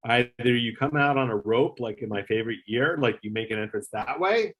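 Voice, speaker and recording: This man's mid-range voice moves slightly fast as he recounts a lengthy behind-the-scenes tale from his days producing a talk show. He tells it in a loose, rambling way, animated, filler-heavy and with occasional swearing.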